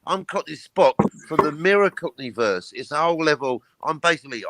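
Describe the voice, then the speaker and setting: A man's voice: fairly high pitch, expressive, brisk, few pauses, pushed and bright. A man hosting a casual livestream chat, riffing jokes and swearing freely. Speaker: host.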